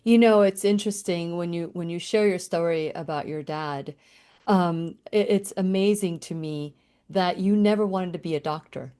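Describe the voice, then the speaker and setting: A woman's voice: on the low side, moderate pace, warm tone, clean tone. A woman hosting a radio interview, asking questions in an encouraging way with some fillers. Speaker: radio show host. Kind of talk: interview conversation.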